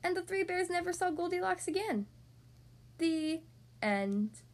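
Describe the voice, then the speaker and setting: A woman hosting a podcast, reading a storybook aloud to young children in an expressive, animated way. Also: very high-pitched, fast talker.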